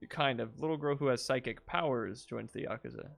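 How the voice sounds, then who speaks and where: Male co-streamer, mid pitch, animated and gravelly, teasing banter over faint music. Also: fairly quick. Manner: giggly, teasing, jumps in with jokes. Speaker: streamer co-host. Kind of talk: casual chat.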